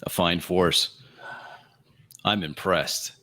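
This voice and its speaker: A man playing a character in a tabletop game, calm and in character. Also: deep voice, very slow. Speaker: player.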